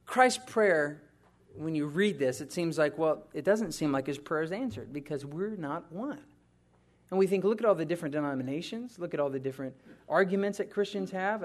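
High-voiced man preaching a sermon. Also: moderate pace. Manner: conversational preaching, swings from hushed to emphatic. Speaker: pastor.

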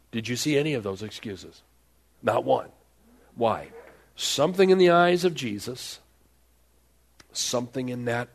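A man's voice: lowish voice, husky. A man preaching a sermon at a church service, telling the story dramatically and acting out the voices of the people in it. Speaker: pastor.

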